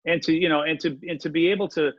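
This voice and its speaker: A middle-aged man, a podcast guest, chatting casually and rambling through stories with halting restarts. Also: fairly high pitch, fairly even intonation, dry recording. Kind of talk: casual conversation. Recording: dull lo-fi dry audio.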